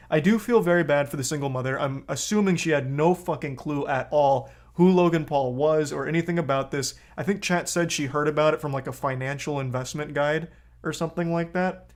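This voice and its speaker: Brief: male streamer, slightly high voice, blunt and swearing, live reaction commentary. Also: a little fast. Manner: blunt, profane, gets heated.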